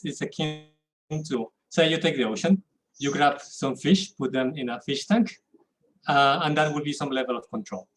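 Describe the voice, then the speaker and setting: A man giving a technical lecture as a guest speaker, talking in a halting way with frequent restarts and repeated words. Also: a little high, low-quality recording.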